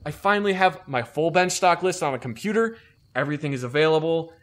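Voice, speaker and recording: A man who served in the army, telling a story in casual conversation, animated and profane. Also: on the high side, fast. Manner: animated, profane, acts out quoted people.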